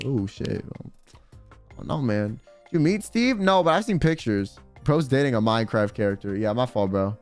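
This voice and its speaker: A man's voice: medium pitch, lively intonation, normal speed. A young man streaming, telling a rambling, slangy story in casual chat. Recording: faint music behind.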